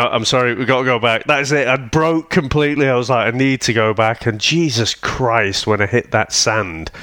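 A man's voice: mid-range voice, fairly bright tone, no echo. A man, telling stories on a casual podcast, swearing freely and laughing often. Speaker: podcast co-host. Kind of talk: casual chat.

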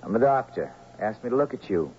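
A man's voice: mid-range voice, big pitch swings, fairly quick, darkish tone, close to an everyday voice. An actor playing an anxious young man who poses as a doctor and asks questions in a hesitant, coaxing way. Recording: slightly dull old radio recording with faint hiss.

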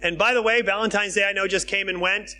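A man preaching a sermon in a conversational, emphatic way, dropping to hushed tones and then rising with excitement. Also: high voice, fast talker. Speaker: pastor.

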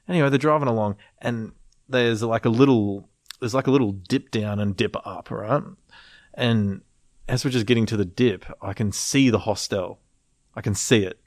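A man telling a wild story in casual chat, animated, swearing freely and laughing as he goes. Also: lowish voice, moderate pace, no room sound, studio quality.

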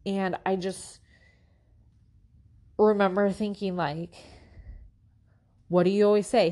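A woman hosting a podcast, telling her own story of faith and struggle in an earnest, halting way with many restarts. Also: medium pitch, steady tone, darkish tone. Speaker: podcast host. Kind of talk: personal faith testimony.

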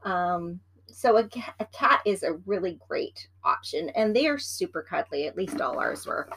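A woman's voice: lowish voice, expressive, moderate pace, a bit bright, slight background noise. A woman co-hosting a casual chat, rambling and teasing as she gives practical advice about pets. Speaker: podcast co-host.

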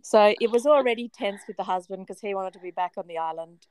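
Smooth-voiced woman telling a story animatedly. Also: mid-range voice, fast talker, dry recording. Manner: animated, dramatic storyteller, laughing often. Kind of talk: casual storytelling chat.

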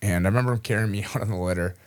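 Male veteran guest from Minnesota: casual, quick storyteller with a lowish voice who laughs a lot. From Minnesota, USA. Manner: casual, chuckles often, many "you know" fillers. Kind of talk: personal storytelling in an interview.

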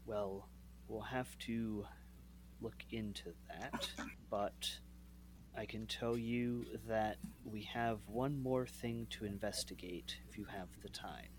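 A man's voice: on the low side, steady tone, slow. A man playing an earnest young monster hunter who speaks politely to his uncle.

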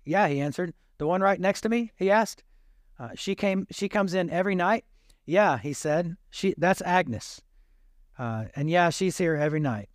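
A male pastor preaches, retelling a story and voicing each person in it. His voice sits a little high for a man. The sound is dry and close, with no room echo. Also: expressive, normal speed. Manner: retells a story with quoted dialogue. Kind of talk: sermon storytelling.

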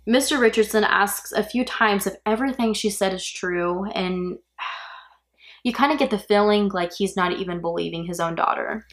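A woman's voice: medium pitch, moderate pace. A woman hosts a true crime podcast and walks through the case in a loose, conversational way. She talks like she is speaking to a friend and adds her own blunt reactions along the way. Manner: casual, opinionated, reacting aloud. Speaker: podcast host.

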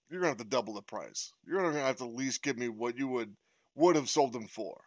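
A man's voice: mid-range voice, animated, fast. A man playing a tabletop game, speaking in character, bargaining hard with a wry, swearing manner. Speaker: player.

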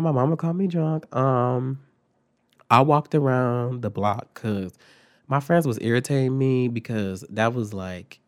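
A young man telling a profane storytime on his vlog, animated and jumping his pitch and volume up when he quotes people. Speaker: vlogger.

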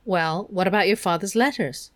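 A woman voicing Calvin, a gentle teenage boy, speaking in a reassuring way. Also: medium pitch, moderate pace, no echo, close to an everyday voice.

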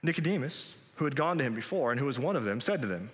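A man preaches with a bright, forceful voice that carries a long hall reverb. His delivery is earnest and conversational, climbing to emphatic peaks. He speaks from a church sanctuary. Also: medium pitch, very animated, fast talker, few pauses. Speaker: pastor. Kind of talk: sermon.

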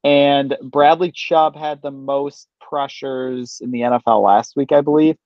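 A man's voice: mid-range voice, fairly even intonation, a little slow, dry recording. Laid-back man on slightly dull audio. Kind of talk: casual sports chat.

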